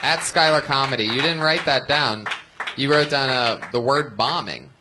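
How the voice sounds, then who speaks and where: A man hosting a live comedy show in a venue, giving quick, joking notes to comics between laughs. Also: medium pitch, background noise. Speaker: host.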